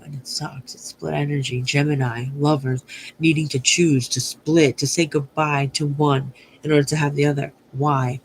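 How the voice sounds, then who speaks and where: A woman's voice: deep voice, a little hiss or hum, rough recording. A woman giving a channeled astrology reading to her viewers. She rambles, swears freely and often stops to correct her own words. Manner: rambling, profane, self-correcting. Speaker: astrology and tarot reader.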